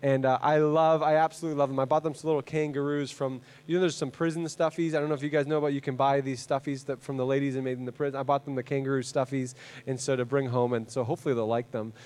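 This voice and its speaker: A man's voice: medium pitch, level tone, fast talker, darkish tone, smooth. A man from Canada, a guest preacher in his thirties, opening his sermon in a chatty, rambling, self-deprecating way with many fillers. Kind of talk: casual sermon introduction.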